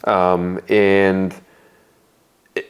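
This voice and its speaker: A man's voice: sits low, little pitch movement, very slow, smooth. A young man as an interview guest, talking casually and candidly, with many fillers and restarts. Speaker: guest, business owner.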